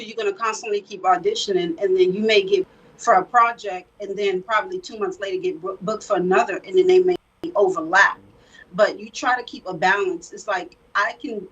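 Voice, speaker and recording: A woman from South Florida, an actress, talking through her craft in an easygoing interview with reflective, animated storytelling. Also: medium pitch, slightly rough, far from the mic, muffled recording. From born in the Bahamas, raised in South Florida. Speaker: actress guest. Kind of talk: casual interview talk.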